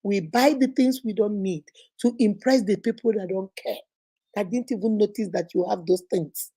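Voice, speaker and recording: A middle-aged woman hosting a talk on relationships, preachy and animated, mimicking voices and laughing often. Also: medium pitch, normal speed, slightly rough. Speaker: host.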